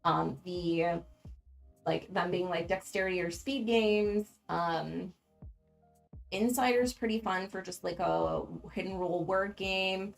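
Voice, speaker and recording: Chatty woman with a gravelly edge. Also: lowish voice, fairly even intonation, slow, faint music behind. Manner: chatty, frank, frequent ums and laughs. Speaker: board game channel host. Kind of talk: casual livestream chat.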